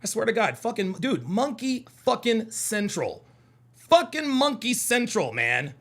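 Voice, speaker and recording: Combative host with a high, swinging voice. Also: male voice, big pitch swings, measured pace, fairly bright tone. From American South. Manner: profane, combative, repeats himself. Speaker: call-in show host. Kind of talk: heated live reaction commentary.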